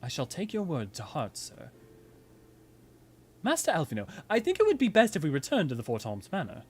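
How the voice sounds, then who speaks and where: A man's voice: a little high, wildly swooping pitch, fairly quick, slight background noise. A man voicing an earnest young male noble scholar in a fan reading of game dialogue, speaking stiffly and politely.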